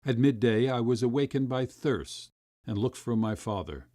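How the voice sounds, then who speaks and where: A man reading a classic short story aloud as an audiobook narrator, with expressive storytelling. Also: normal speed, no room sound, clean studio sound. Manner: expressive storytelling, rising high for quoted voices.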